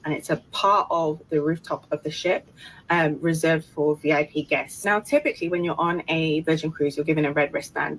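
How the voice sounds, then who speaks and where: A woman's voice: sits low, fairly bright tone, slight background noise, poor audio. A British woman telling a personal story to camera in an earnest, detailed way.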